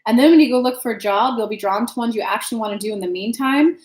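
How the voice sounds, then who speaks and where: A young woman from the United States gives a casual live-stream tarot reading, talking in a loose, chatty way with the odd curse word. Her voice sits fairly high. The room around her is echoey. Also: quick pace, darkish tone. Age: young adult. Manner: chatty, reads comments aloud, swears casually. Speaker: tarot reader and channel host.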